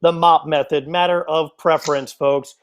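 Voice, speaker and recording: High-voiced chatty darts commentator man. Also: fairly even intonation, moderate pace, smooth. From United States. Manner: chatty, joking asides to viewers. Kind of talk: live sports commentary.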